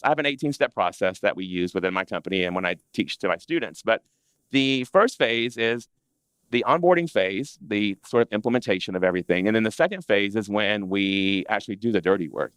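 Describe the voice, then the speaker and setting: Animated man teaching designers. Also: fairly low pitch, clean tone, no room sound. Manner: animated, conversational, acts out clients' complaints. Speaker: interior design business educator. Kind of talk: live presentation to a seated audience.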